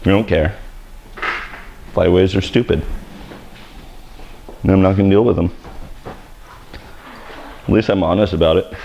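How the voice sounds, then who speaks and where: Joking, gravelly-voiced hairstylist man. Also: low-pitched, fairly even intonation, measured pace, pauses often, warm tone, highs cut off, slight background noise. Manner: joking, self-deprecating, rambling. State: sweaty. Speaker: hairstylist host. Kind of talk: live haircutting tutorial chat. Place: hair salon education studio.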